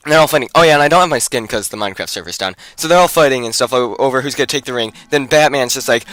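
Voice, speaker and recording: Racing along with few pauses, a male gameplay commentator with a mid-range, slightly bright voice recounts a story full of "like." The telling is rambling, and he cuts away from it to discuss his own gameplay.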